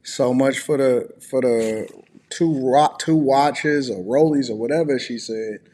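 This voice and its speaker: A man's voice: mid-range voice, measured pace, mellow, a little hiss or hum. Mocking male reaction host. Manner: incredulous, mocking. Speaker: commentator host. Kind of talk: reaction commentary.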